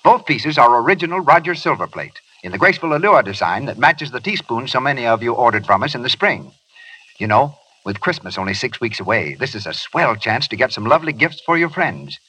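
A man's voice: very animated, brisk, pushed and bright, slightly rough, poor audio. A man announcing a chatty, persuasive 1930s radio advertisement. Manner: chatty, persuasive sales pitch.

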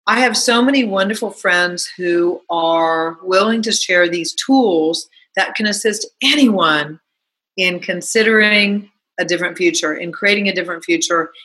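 A woman giving a chatty motivational talk, asking listeners rhetorical questions and telling animated stories. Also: fairly low pitch, rough recording. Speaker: self-help talk host. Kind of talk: motivational monologue.

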